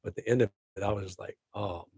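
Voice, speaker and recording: A middle-aged man hosting his own show in casual chat, excitable and rambling with laughing asides. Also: on the low side, rapid-fire, creaky, husky, dry recording. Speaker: podcast host.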